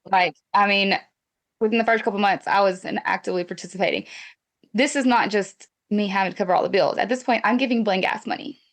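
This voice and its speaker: Frank woman guest, mid-pitched voice. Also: quick pace. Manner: frank, emphatic, fillers of "like". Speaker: interview guest. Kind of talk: casual interview talk.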